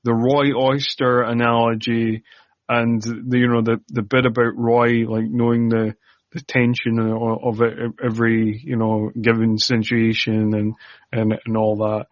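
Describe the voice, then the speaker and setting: A man co-hosting a casual film podcast, sarcastic and quick to slip into mock voices for the characters. His voice is mid-pitched and close, with a dry sound. The recording is slightly muffled. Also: flat delivery, no echo. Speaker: podcast co-host.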